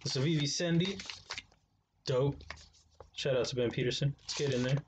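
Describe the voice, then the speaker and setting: A man's voice: medium pitch, moderate pace, background noise. A man reviewing knives in a casual unboxing vlog, talking to viewers in a laid-back, slangy way. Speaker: knife reviewer.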